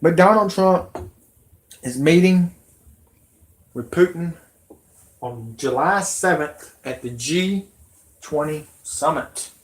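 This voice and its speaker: A man in his thirties hosting a live stream, rambling and growing agitated, with shouty outbursts. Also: a little high, slow pace, long pauses.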